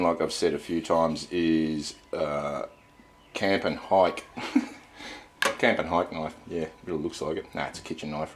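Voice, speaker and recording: A tired man with an Australian accent chatting casually to camera, rambling and cutting himself off. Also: low-pitched. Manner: rambling, self-interrupting, chatty. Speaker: camping vlogger. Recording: echoey and distant with faint ambient noise.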